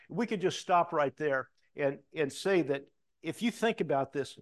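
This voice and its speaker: A middle-aged man preaching a sermon, reading scripture aloud and breaking off into animated asides, loud for quoted lines and hushed for comments. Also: on the high side, measured pace. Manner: animated, swings between loud emphatic reading and quiet asides. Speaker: pastor.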